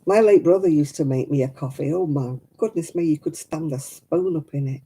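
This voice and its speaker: A woman's voice: low-pitched, a little fast, warm tone, husky, poor audio. A middle-aged woman chatting casually at home while she crafts. She tells stories and laughs often. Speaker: craft vlogger.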